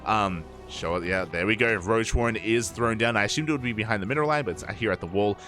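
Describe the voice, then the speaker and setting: A man casting a live game with a lowish, easygoing voice, quick to joke and laugh as he calls the action and chats with viewers. Soft music runs quietly under his commentary. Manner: lively and joking, laughs often, talks to the chat. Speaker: esports caster.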